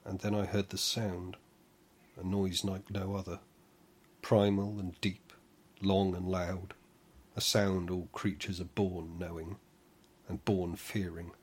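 A man narrating a first-person fantasy audiobook in a measured way, slowing down for dramatic moments. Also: deep voice, flat delivery, breathy edge.

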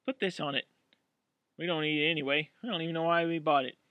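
A man's voice: fairly high pitch, steady tone, quick pace, no echo, phone-quality sound, natural voice. Man putting on an upset young woman. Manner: anxious, pleading.

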